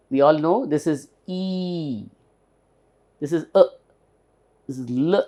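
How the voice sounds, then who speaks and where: Indian English man, teacher; slow, lively pitch, spells out words and repeats them patiently. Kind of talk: recorded pronunciation lesson.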